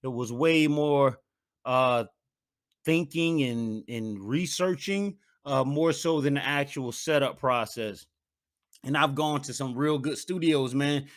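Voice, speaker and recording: A man hosting a solo podcast, talking casually and getting animated, dropping "man" into almost every sentence. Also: mid-range voice, slow pace. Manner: animated, hypes himself up, says "man" a lot. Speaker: podcast host.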